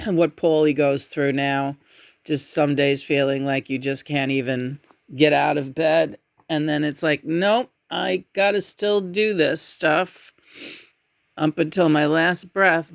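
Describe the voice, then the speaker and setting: A woman giving a casual tarot reading in a musing, meandering way, often humming softly between thoughts. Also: sits low, vocal fry, dry recording, studio quality. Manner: meandering, musing, with frequent murmured hums. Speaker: tarot reader.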